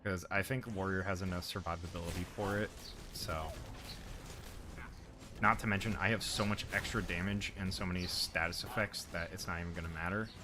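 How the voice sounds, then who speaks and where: A man's voice: sits low, fairly even intonation, a little fast, over music. A man streaming a video game, rambling and joking with his chat in a casual way. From United States.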